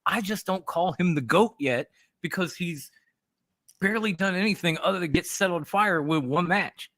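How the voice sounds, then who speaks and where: A man in casual wrestling talk, with a bright, forceful tone. He speaks enthusiastically and emphatically, often repeating himself. The sound is dry and close to the mic. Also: high-pitched, normal speed, no echo. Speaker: podcast co-host.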